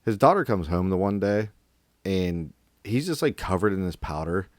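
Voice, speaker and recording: A man with a very low voice talks through a film with a co-host, rambling and animated as he retells scenes. The sound is dry and close, with no room around it. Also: normal speed, no echo. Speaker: podcast co-host. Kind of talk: casual movie discussion.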